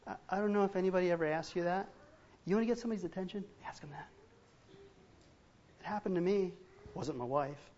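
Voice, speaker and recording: A man's voice: high voice, quick pace, pauses often, darkish tone, highs cut off. A man preaching a sermon as pastor, earnest and emphatic, often restarting phrases as he drives a point home.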